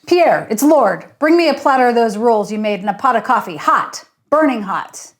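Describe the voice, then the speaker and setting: A woman's voice: fairly high pitch, lively intonation, normal speed, natural voice. A woman reading aloud and voicing a pushy, boastful middle-aged male hotel owner who bellows orders. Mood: bossy. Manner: loud, bossy, bellowing. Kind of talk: audiobook character reading.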